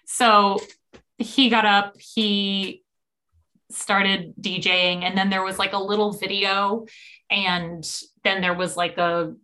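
A young woman chatting casually, telling a story with lively acted-out quotes and sudden jumps up in pitch. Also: slow. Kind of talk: casual chat.

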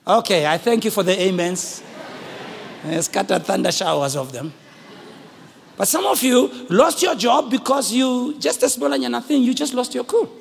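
A man with a South African accent preaching a sermon to a congregation, animated, shouting at the peaks and joking with the crowd. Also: very high-pitched, moderate pace, gravelly, slight background noise. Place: church hall with congregation. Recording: long echoing hall reverb.

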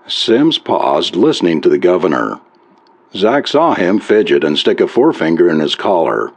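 Man narrating a story in a lively voice. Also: low voice, normal speed, gravelly. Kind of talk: read-aloud story narration. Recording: dull lo-fi recording.

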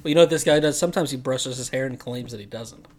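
A man's voice: mid-range voice, fast. A young man co-hosting a casual podcast chat, teasing his friends and laughing through his stories. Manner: teasing, mocking storyteller who laughs mid-sentence. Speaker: podcast co-host.

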